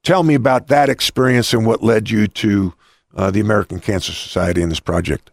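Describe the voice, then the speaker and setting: A man's voice: fairly low pitch, a little fast, gravelly, no echo. A man hosting an interview, rambling through anecdotes with frequent restarts. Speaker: host. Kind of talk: casual interview talk.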